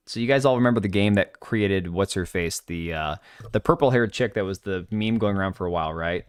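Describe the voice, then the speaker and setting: A man hosts a live stream, ranting bluntly and mocking what he reacts to. His pitch jumps around constantly, and the sound is close and dry with no room echo. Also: expressive, a little fast. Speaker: livestream host. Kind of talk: casual live stream commentary.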